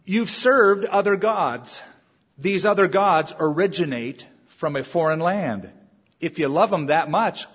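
Male pastor, sermon, higher husky voice, echoey sanctuary, muffled recording. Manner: animated preaching with acted asides. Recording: dull reverberant church recording.

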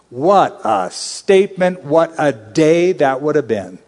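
A man with a fairly high voice preaches through scripture in a relaxed, conversational manner, then pushes into urgent, emphatic appeals. His voice rings out with the long reverb of a large hall. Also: moderate pace, few pauses. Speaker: Bible teacher. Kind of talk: expository sermon.

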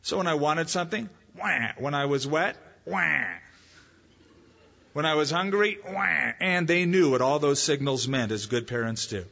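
A man preaching a sermon as pastor, in a conversational style with lively emphasis. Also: on the high side, fairly quick, few pauses. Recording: muffled, echoey hall.

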